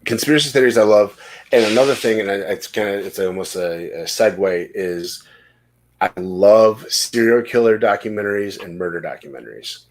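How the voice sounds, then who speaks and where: A man's voice: lowish voice, normal speed. A man hosting a casual podcast, telling rambling stories and swearing freely. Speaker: podcast host.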